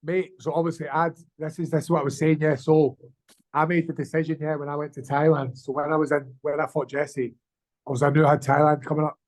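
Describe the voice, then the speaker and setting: Bloke, talks quick and flat, swears a lot, loose slangy chat over a video call. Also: male voice, fairly high pitch, rough recording. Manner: fast, swearing, slangy, rambling. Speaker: amateur MMA fighter, guest. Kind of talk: casual interview chat.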